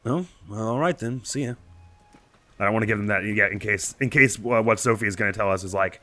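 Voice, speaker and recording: A young man with a slightly croaky morning voice, chatting and laughing at himself while playing a video game. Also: lowish voice, a little fast, bright, forceful tone, soft background music. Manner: chatty, giggly, self-deprecating. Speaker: let's play host. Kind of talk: casual game commentary.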